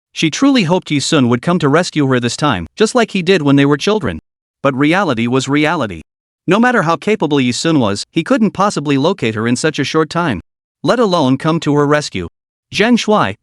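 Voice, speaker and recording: A man's voice: on the high side, no echo, studio quality. A man narrating a story recap in a scripted, dramatic storytelling manner.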